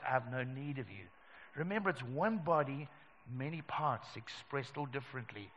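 A pastor leading a communion sermon and prayer, talking earnestly and emphatically and repeating key phrases. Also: male voice, a little high, a bit bright, long reverb tail, muffled recording, a little hiss or hum. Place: church service.

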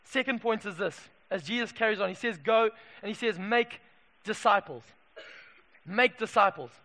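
A man from Zimbabwe preaching a passionate sermon in a church, moving from hushed asides to loud calls. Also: high-pitched, a little fast. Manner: passionate, swings from hushed to shouting. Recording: echoey hall reverb.

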